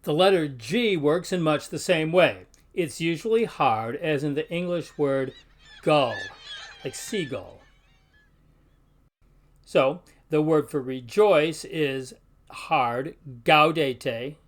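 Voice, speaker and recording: A man teaching pronunciation in an instructional video, speaking carefully and slowly sounding out example words. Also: fairly high pitch, expressive. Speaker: Latin teacher.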